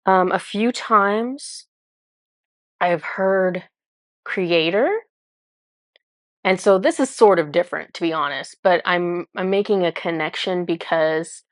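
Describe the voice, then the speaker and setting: A woman's voice: fairly low pitch, takes it slowly, long pauses, dry recording. This woman talks like a channeler explaining something she can barely put into words. She wanders, restarts and says "like" constantly in casual chat. The recording is dry and close. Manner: rambling, searching for words, many "like" fillers. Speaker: spiritual channeler.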